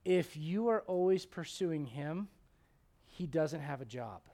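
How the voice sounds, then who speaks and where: Male preacher, sermon, animated, joking with the crowd, high voice, middle-aged. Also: takes it slowly. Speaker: pastor. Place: church.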